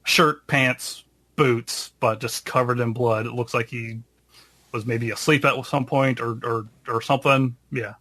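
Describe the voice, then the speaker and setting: A game master runs a tabletop game, slowly describing scenes in halting, filler-heavy narration, pausing often and filling gaps with ums. His medium-pitched voice has fairly even intonation and sounds pushed and bright, dry and close, with no echo.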